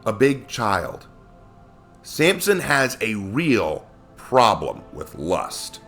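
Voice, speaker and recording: A man's voice: on the low side, very animated, extremely slow, a bit bright, faint music behind. A man giving a casual Bible lesson, talking conversationally and asking many rhetorical questions. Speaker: Bible teacher.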